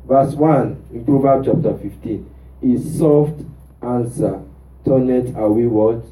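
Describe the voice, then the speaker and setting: A male pastor preaches a sermon in a church, prompting the congregation with rhetorical "what?" questions. His mid-range voice is slow and mellow, heard from a distant, off mic position with roomy church sound.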